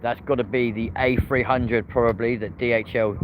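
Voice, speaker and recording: Over dull, lo-fi outdoor stream audio with traffic noise, a man hosts live plane spotting from a hotel rooftop by an airport. His medium-pitched voice has fairly even intonation and a moderate pace. He chats, banters with viewers and cheers as planes land.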